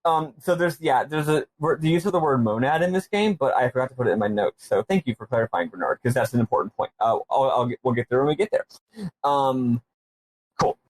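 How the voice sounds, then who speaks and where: A man's voice: mid-range voice, animated, brisk, no echo, rough recording. A man hosting a podcast, casually recapping with enthusiastic, rambling asides and plenty of ums. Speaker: podcast host.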